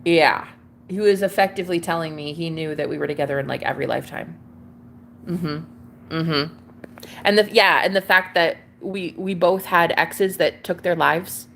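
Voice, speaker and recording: Speaking at normal speed, this tarot reader and vlogger has a fairly low, gravelly voice with a fairly bright tone, and slight background noise is audible. She's a gushing, chatty young woman confiding to camera, addressing her listener as "girl" and "babe."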